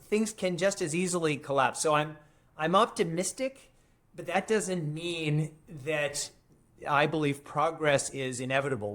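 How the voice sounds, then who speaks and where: A man, a historian and futurist, talking emphatically in a podcast interview and repeating phrases to drive his points home. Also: fairly high pitch.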